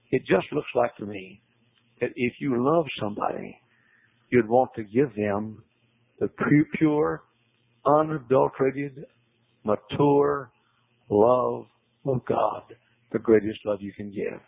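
A man preaching with a gravelly, husky voice, hammering points through repetition and pitching up hard on the words he stresses. The sermon comes through a tinny, phone-like radio broadcast with a dry, close sound. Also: slow pace, long pauses, dry recording. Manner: emphatic, repetitive, pitch climbing on key words.

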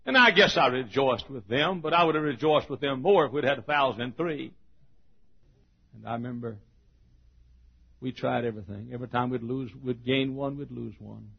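A middle-aged pastor preaching a sermon, moving from quiet storytelling to loud, shouted preaching. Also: male voice, mid-range voice, moderate pace, gravelly, husky. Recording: dull lo-fi sermon recording.

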